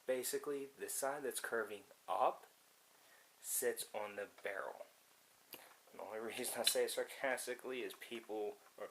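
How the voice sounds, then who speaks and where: A man's voice: medium pitch, a little slow, vocal fry, fairly bright tone, a little hiss or hum, rough recording. A man casually talking the viewer through a hands-on demonstration as he works. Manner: casual, talks to the viewer while working. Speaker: firearms video host.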